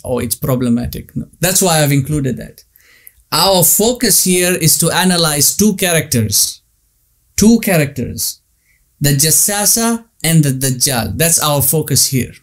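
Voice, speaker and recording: Man, lecturer, fairly high-pitched, emphatic, repeats himself, rhetorical questions. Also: unhurried. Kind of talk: religious lecture.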